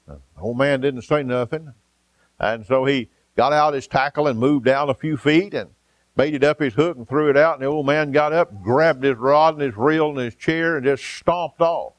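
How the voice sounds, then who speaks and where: A man preaching a folksy sermon, pausing often with "uh" and telling homespun stories. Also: medium pitch, no room sound. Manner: folksy, storytelling, frequent "uh" pauses. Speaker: pastor.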